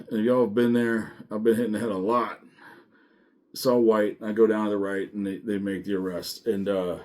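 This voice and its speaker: A man's voice: mid-range voice, a little mellow. A man who once served as a deputy, casually telling a profane story about his police work, laughing as he goes. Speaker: former sheriff's deputy.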